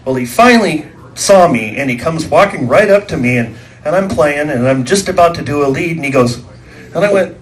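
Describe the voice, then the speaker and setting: A man's voice: fairly high pitch, animated, brisk. A man doing live stand-up, telling rambling stories that repeat words and act out quoted voices, at a small live venue. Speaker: stand-up comedian.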